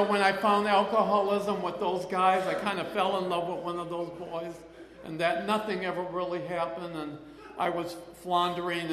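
A man's voice: a little high, a bit bright. Older man telling his story in an echoey hall. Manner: rambling, with many restarts and acted-out quotes. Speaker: person sharing a recovery story. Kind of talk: personal testimony storytelling. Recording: echoey hall with long reverb.

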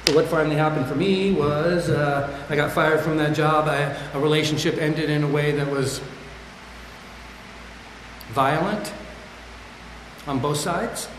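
A man with a slightly higher-than-average voice tells his recovery story with raw, self-deprecating candor. His words ring out through a large hall with long, echoing reverb, and a faint room ambience sits underneath. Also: fairly even intonation, a little slow, long pauses, a little hiss or hum. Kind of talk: candid personal testimony.

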